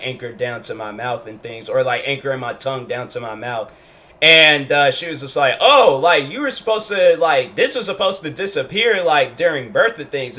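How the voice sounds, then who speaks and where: A man's voice: medium pitch, bright, forceful tone. A young man from Washington State casually telling a personal story in a rambling storytime vlog, full of fillers and restarts. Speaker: YouTuber.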